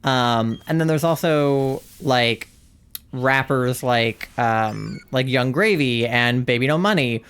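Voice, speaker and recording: Over gameplay, a young-adult streamer keeps up a casual, meandering chat, drifting between thoughts and frequently laughing. Their smooth, medium-pitched voice moves slowly.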